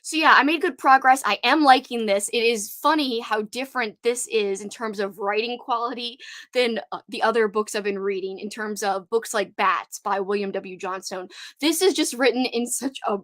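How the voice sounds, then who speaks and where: Young woman, Cajun accent, giggly rambling livestream host, slightly high voice, dry close sound. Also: normal speed, fairly bright tone, no echo. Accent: Cajun Louisiana. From Louisiana. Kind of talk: casual livestream chat.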